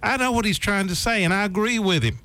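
A man's voice: high voice, bright, forceful tone. A man chatting casually about politics on a talk show, folksy and repetitive, often drawing out his words. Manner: folksy, repeats himself, drawn-out phrasing.

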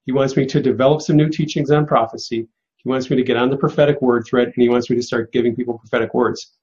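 A man's voice: medium pitch, fairly even intonation, fast, darkish tone, highs cut off. Earnest man teaching on a broadcast. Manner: earnest, repetitive restarts, encouraging. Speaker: host of a live prophetic broadcast. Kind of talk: pastoral teaching and answering callers.

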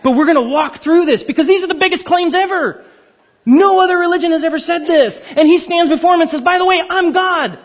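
Man preaching in a loose, humorous style; high and husky voice, dull recording. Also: fast talker. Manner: conversational, jokey preaching with playful acted quotes. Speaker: pastor. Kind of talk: sermon.

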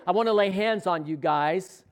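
A man preaching a sermon, telling a story with animated excitement and acting out quoted dialogue. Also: high-pitched, moderate pace, clean tone. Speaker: pastor.

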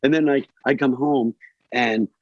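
A man from Delaware, a guest actor in a casual podcast chat, rambling and animated with lots of fillers. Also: mid-range voice, unhurried, no room sound, highs cut off. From Delaware, USA.

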